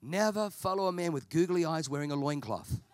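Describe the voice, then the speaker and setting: A man from Australia preaching a sermon at a church service, in an animated storytelling style with humor. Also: fairly high pitch, fairly quick.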